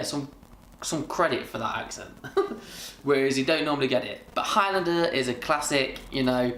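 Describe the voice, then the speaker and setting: A man's voice: fairly high pitch, gravelly, fairly bright tone, slight background noise. A man in his thirties chatting casually and rambling with many fillers as he reminisces in a vlog. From Britain. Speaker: vlogger. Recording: echoey room.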